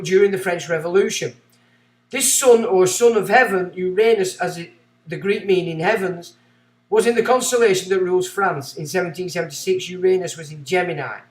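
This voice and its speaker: Guy on a livestream reading from a book, pretty high voice, goes off on excitable tangents. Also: roomy sound. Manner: rambling asides, gets excitable. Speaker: livestream host. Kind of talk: reading a book aloud with commentary.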